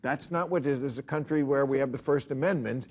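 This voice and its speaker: A man's voice: mid-range voice, fast. A man hosting a panel discussion in a TV studio, with a dry, wry conversational manner. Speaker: talk show host.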